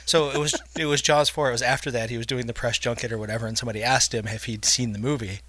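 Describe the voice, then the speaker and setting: A man's voice: mid-range voice, steady tone, quick pace, pushed and bright. A man on a radio show joking around and telling anecdotes in casual banter. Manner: jokey, tells anecdotes with laughter.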